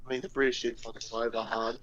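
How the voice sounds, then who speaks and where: A man's voice: mid-range voice, little pitch movement, fast, dull audio, noisy background. A man with an Australian accent in casual banter, dropping short dry quips.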